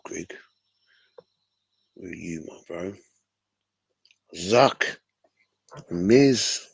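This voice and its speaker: A man's voice: sits low, very slow, creaky, long pauses, husky, dry recording. A man with a New Zealand accent hosting a casual fan livestream, laid-back and slangy, calling everyone bro. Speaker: fan show host.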